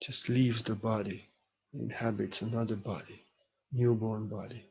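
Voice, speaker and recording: Slow, soft-spoken man on a lo-fi recording. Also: fairly low pitch, level tone, slightly rough. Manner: slow, soft and reflective, with halting pauses. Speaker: spiritual speaker. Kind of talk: spiritual talk. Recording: dull lo-fi recording.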